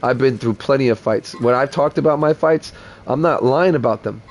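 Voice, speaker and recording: A man's voice: medium pitch, moderate pace. A man telling a heated personal story in blunt, profane talk while playing a game on stream. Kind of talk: casual gaming stream storytelling.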